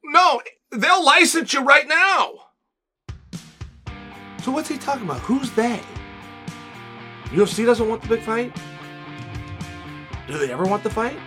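A male host delivers an opinionated monologue in a high, bright voice. He talks bluntly and stacks one rhetorical question on the next. Faint music plays underneath. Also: animated. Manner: rapid-fire rhetorical questions; emphatic and blunt.

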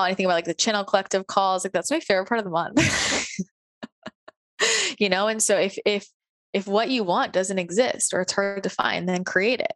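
A woman's voice: mid-range voice, fairly bright tone, dry recording. Earnest chatty woman, dry close sound. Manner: earnest, chatty, many fillers like "like" and "right?". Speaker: podcast host. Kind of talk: casual spiritual podcast monologue. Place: home office. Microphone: home recording on a computer.

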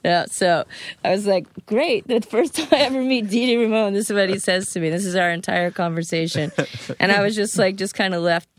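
Speaking fairly quickly in a mid-range voice, a woman on a podcast shares lively anecdotes and voices the quoted dialogue herself in casual storytelling chat.

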